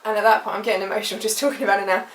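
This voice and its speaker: A woman's voice: mid-range voice, fairly even intonation, very fast, slight background noise. British woman retelling a story, echoey. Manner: emotional, rambling retelling with many fillers. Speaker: vlogger. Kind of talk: personal storytime vlog. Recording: echoey room, mic at a distance.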